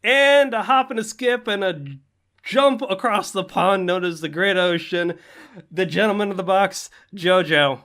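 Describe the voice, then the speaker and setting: A man's voice: sits high, a little slow, a bit bright. A man hosting a casual podcast, introducing everyone with playful, grandiose flair. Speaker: podcast host.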